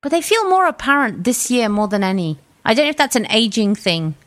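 A woman's voice: a little high, big pitch swings, brisk, a bit bright. A woman co-hosting a film podcast over a video call, with a blocked nose, chatting casually and close to the mic. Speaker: podcast co-host. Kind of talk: casual chat.

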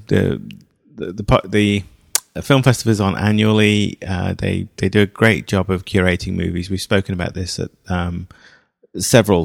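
A man's voice: deep voice, vocal fry, no echo, clean studio sound. A man co-hosting a film podcast, talking through a review in a thoughtful, hesitant way with fillers. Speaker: podcast co-host. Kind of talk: casual film review chat.

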